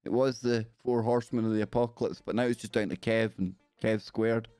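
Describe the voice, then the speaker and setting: A man's voice: fairly low pitch, steady tone, brisk, darkish tone, smooth, dry recording, faint music behind. A man with a Scottish accent hosting a live stream, chatting casually in a rambling, jokey way and talking to his viewers. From Scotland.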